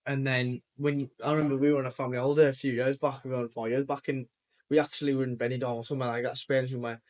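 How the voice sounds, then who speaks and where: A man's voice: medium pitch, level tone, very fast, darkish tone. A young man telling casual anecdotes in podcast chat, with the odd swear.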